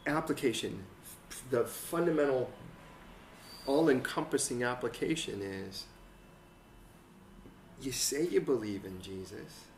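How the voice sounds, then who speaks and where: A man preaching a conversational sermon as pastor, acting out quotes and building to excited peaks. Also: mid-range voice, vocal fry, slight background noise. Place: church hall. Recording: roomy church sound from a distant mic.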